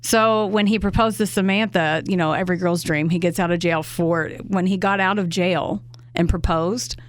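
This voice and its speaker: Low-voiced woman telling a true crime story. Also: fairly even intonation, normal speed, dry recording. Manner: conversational, swears freely, indignant asides.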